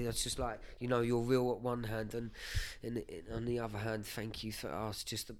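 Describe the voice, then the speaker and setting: A man's voice: medium pitch, flat delivery, moderate pace, few pauses. A man, sharing his life story as a podcast guest in an earnest, emotional way, with many fillers and restarts. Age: 30s. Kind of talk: personal testimony, casual chat.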